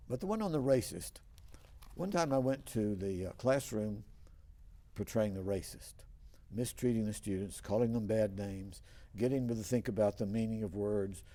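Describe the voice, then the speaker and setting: A man's voice: lowish voice, normal speed, warm tone. An older man hosting a TV talk show, telling long rambling stories with many restarts. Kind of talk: casual storytelling interview.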